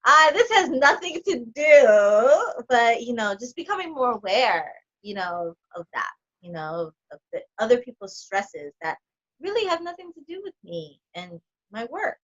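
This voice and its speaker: Animated woman guest, bright and high, filler-heavy casual storyteller, lo-fi sound. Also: unhurried. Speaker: podcast guest, coaching client. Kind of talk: casual chat.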